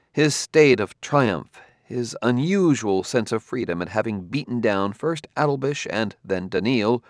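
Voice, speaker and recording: A man giving measured, expressive scripted narration of a science fiction novel. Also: fairly low pitch, no room sound, clean studio sound. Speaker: audiobook narrator.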